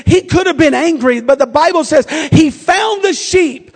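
High-voiced preacher in a reverberant church. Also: male voice, a little fast, few pauses. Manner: swings from quiet storytelling to shouted preaching. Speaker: pastor. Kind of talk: sermon. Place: church sanctuary.

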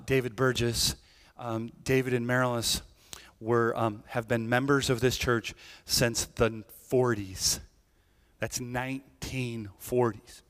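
A man's voice: medium pitch, a bit bright. A male pastor preaching a sermon in a casual, conversational way. He often checks in with "right?" and restarts his sentences. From Irish family background. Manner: conversational, tag questions, many restarts. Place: church sanctuary. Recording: church hall with long reverb.

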